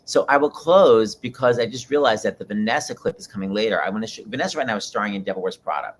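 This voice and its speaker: A man hosting a talk show, gushing and rushing through asides and announcements. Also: lowish voice, slight background noise. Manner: gushing, rapid asides, repeats "oh my God". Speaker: host. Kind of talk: casual talk-show monologue.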